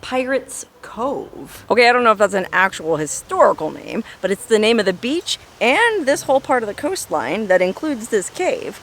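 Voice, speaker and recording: A woman's voice: a little high, sing-song, normal speed, hardly any pauses, a bit bright. A woman narrating a travel vlog outdoors on a coastal trail, in a wry, joking, self-mocking way. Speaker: travel vlogger.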